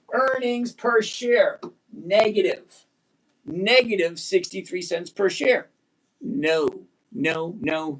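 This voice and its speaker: A man in his sixties runs a live stock-trading stream, his voice sitting notably high for a man. He talks bluntly and with emphasis, slowing down to repeat the points he wants to stick. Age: 60s. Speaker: livestream host.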